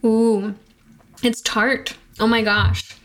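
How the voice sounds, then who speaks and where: A woman's voice: a little high, little pitch movement, drawn-out words. A woman co-hosting a casual podcast, talking in a wry, teasing way. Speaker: podcast co-host.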